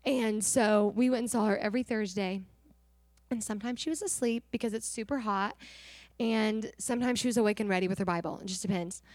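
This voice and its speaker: A young adult woman giving an earnest, animated personal testimony to a church congregation, acting out the dialogue as she tells it. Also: medium pitch, a little fast, dry recording. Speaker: missionary sharing testimony.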